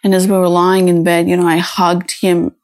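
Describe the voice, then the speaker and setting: A woman hosting a personal podcast, talking in a halting, reflective way with many fillers and restarts, emotional and close to tears. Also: on the low side, monotone, darkish tone, no room sound. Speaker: podcast host.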